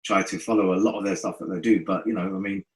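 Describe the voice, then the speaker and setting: A man from North West London talks at a fast clip in a fairly low voice. He is the musician guest in a relaxed podcast chat, telling lively stories and dropping into patois as he quotes his friends. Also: rough recording. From North West London, England. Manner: animated storytelling, slips into friends' patois. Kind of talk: casual podcast interview.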